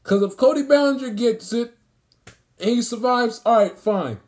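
This sports commentator's voice is very high-pitched and a little mellow, moving at a moderate pace. He's in an angry rant about sports, indignant and emphatic, pressing his points by saying phrases again and again.

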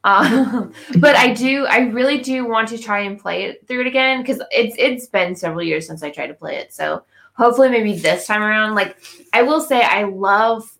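A woman's voice: mid-range voice, normal speed, creaky, fairly bright tone. A woman cosplayer chatting casually as a podcast guest, with a chatty manner full of filler words. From northern United States. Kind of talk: casual chat.

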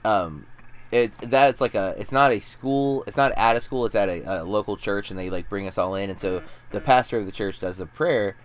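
Guy in his 30s w a lowish voice rambling thru a story, pokes fun at himself. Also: normal speed, a little hiss or hum. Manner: rambling storyteller, self-deprecating. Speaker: podcast co-host. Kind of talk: casual chat.

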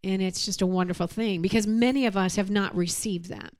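A woman with a mid-range voice speaks in a gentle, reflective way. She co-hosts a church talk and affirms her partner as she shares her own thoughts. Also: medium pitch, fairly even intonation, a little fast. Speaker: co-host. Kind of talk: casual chat about faith.

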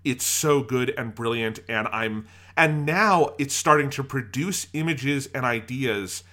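A man's voice: medium pitch, sharp tone. A man co-hosting a casual podcast about anime, gushing with enthusiasm and acting out his own reactions. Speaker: podcast co-host.

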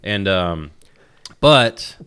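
A man's voice: sits low, animated, drawn-out words, sharp tone, clean tone. A man co-hosting a podcast in casual chat, telling rambling jokey stories. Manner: joking, rambling storyteller. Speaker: podcast co-host.

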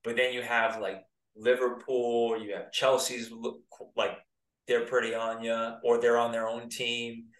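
In a casual interview, an ex-professional soccer player from the US, now in his thirties, talks in a medium-pitched, monotone voice without hurrying. He's laid-back and given to rambling. The sound is roomy, with the mic set far off.

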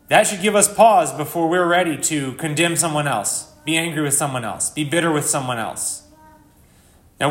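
A man preaching a live sermon as pastor, earnest and conversational, with sudden rises in pitch and volume for emphasis. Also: fairly bright tone. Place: church sanctuary. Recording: echoey church hall.

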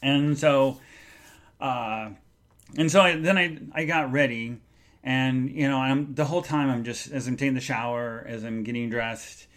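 Casting: male podcast host, mid-pitched, earnest and rambling, halting solo monologue. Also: fairly even intonation, fairly bright tone. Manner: halting and earnest, with many restarts. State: emotional, recounting grief.

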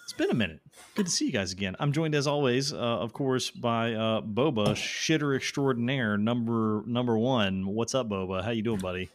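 A man's voice: mid-range voice, lively intonation, normal speed, hardly any pauses. A man hosting a casual podcast, joking and rambling with friends, a bit tipsy from drinking. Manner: joking, rambling, swears freely. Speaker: podcast host. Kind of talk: casual chat.

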